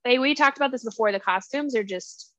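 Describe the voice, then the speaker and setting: A woman co-hosting a podcast, enthusiastic and excitable in casual chat. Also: a little high, a little fast, no room sound, lo-fi sound. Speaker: podcast co-host.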